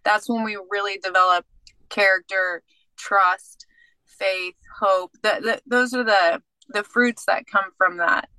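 A woman guest recounts her faith journey in an animated, chatty way, slipping into acted-out dialogue. Her voice is bright and forceful, and the recording is dry with no room sound. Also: medium pitch, slow, dry recording, low-quality recording. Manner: animated storyteller who acts out dialogue. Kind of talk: casual faith testimony.

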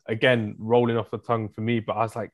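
Fast-talking man in casual football chat. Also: fairly low pitch, flat delivery, no echo. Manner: enthusiastic, rambling, listing players. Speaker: podcast co-host.

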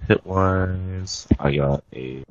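A young man playing a tabletop game, talking casually and asking quick questions. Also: low-pitched, no room sound, lo-fi sound. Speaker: player.

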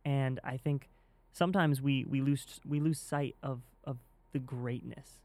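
A man on a faith podcast, speaking reflectively and haltingly, often repeating words as he thinks. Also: mid-range voice, steady tone, a little mellow, no room sound. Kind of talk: casual faith podcast chat.

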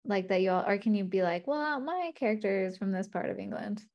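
A woman's voice: mid-range voice, animated, brisk, darkish tone, highs cut off. A woman interviewing a guest in a casual chat, curious and talkative, using lots of "like". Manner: curious, chatty, uses "like" a lot.

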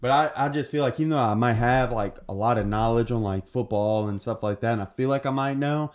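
A man's voice: medium pitch, brisk. Laid-back man chatting casually. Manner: laid-back, rambling, laughs often. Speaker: podcast host. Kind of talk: casual chat. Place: garage.

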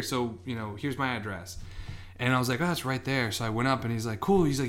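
A man's voice: medium pitch, fairly quick, fairly bright tone. Man telling rambling road-trip stories. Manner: rambling anecdotes, acts out quoted voices. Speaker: podcast co-host. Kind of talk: casual storytelling chat.

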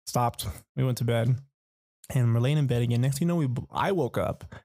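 A man's voice: mid-range voice, brisk, a little mellow, no room sound, studio quality. A young man casually telling a long personal story, rambling and profane, full of fillers like "like" and "you know.".

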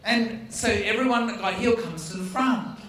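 A man with a high voice preaches from a distance in a large hall that rings with heavy echo. He tells stories in an animated way, acting out conversations and poking fun at himself. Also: normal speed, crowd noise. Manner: animated, acts out dialogue, self-deprecating humor. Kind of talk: storytelling sermon. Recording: echoey hall from far off.

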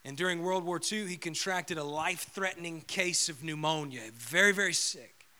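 A male pastor preaching a sermon, telling a story and swinging from loud proclamation to a hushed whisper. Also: fairly high pitch, fairly even intonation, normal speed, clean tone.

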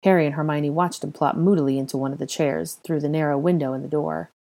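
A woman narrating a story in a low, darkly mellow voice. Her reading is steady and even, with the calm pace of an audiobook. It suits long storybook passages. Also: fast, gravelly. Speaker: reader. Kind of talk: audiobook reading of fan fiction.

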